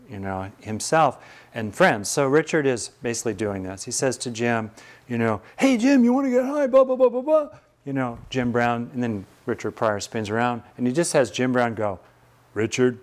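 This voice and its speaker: A male meditation teacher speaks in a relaxed, conversational way, moving into stories to answer his students. His voice sits at an ordinary mid pitch. He sounds folksy and unhurried. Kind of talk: teaching talk with Q&A.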